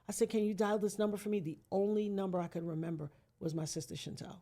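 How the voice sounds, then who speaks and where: Speaking fast at a medium pitch, this woman is a podcast guest recounting an emotional personal story. Her delivery is dramatic: she performs the quoted voices of others and moves between hushed speech and near-shouting.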